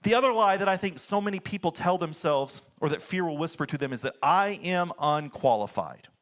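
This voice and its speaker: A man's voice: a little high, lively intonation, a little fast, a bit bright. An American pastor in his thirties preaching a sermon in a conversational way, often saying "like" and landing blunt points. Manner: conversational preaching, fillers like "like", swings into blunt punchlines.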